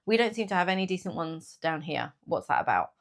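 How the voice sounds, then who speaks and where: A woman's voice: lowish voice, a little fast, creaky. Chatty woman vlogging. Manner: chatty, animated, laughs often. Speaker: small business owner and vlogger. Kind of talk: casual chat to camera.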